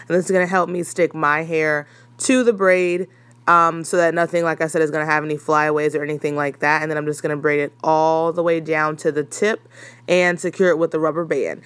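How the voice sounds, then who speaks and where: A young woman casually narrating a hair tutorial, chatty and relaxed with frequent ums. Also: low-pitched, brisk, clear, resonant tone, dry recording.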